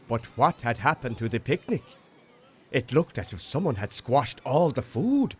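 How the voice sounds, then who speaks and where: A man gently narrating a children's storybook in an expressive, unhurried way. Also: a little high, slight background noise. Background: music.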